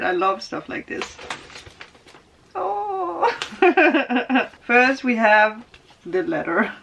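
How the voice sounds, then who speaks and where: Woman opening presents, bright voice, slow talker, giggles a lot, bit of faint hiss. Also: fairly high pitch, gravelly. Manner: giggly, gushing, laughs often. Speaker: tarot vlogger. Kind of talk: casual unboxing vlog.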